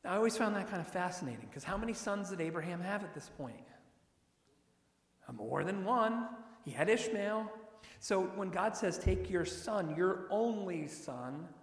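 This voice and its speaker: A man preaching a sermon, reading scripture slowly and with emphasis, then explaining it in an expressive way. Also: high voice. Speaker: pastor. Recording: echoey hall.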